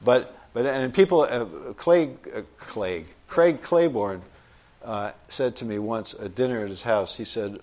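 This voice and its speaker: A middle-aged man, a novelist, telling an animated story in conversation and acting out what people said. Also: on the low side, unhurried. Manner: animated anecdotal storytelling, acts out quoted voices. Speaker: novelist guest.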